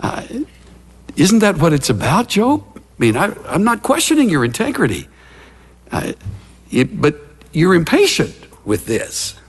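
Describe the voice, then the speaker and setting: A middle-aged pastor preaches in a loose, storytelling way, with a slightly raised voice that swings widely up and down. His tone is husky and a little breathy. A long reverb trails behind him, as in a big church hall. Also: on the high side, unhurried. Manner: animated storytelling, acting out scenes with gasps and asides. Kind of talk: conversational sermon.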